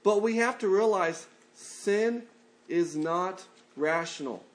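A man's voice: sits high, takes it slowly. A male pastor preaching a conversational sermon and acting out the people in his stories.

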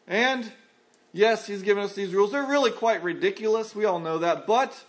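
High-voiced preacher, earnest and lively. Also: male voice, moderate pace. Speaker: pastor. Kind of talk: sermon.

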